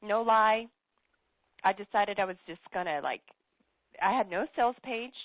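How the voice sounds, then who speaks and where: A woman's voice: mid-range voice, moderate pace, no echo. A woman guest, a business coach, tells her story in an interview in an earnest, emphatic way and repeats key phrases. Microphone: telephone. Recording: tinny phone line, dry.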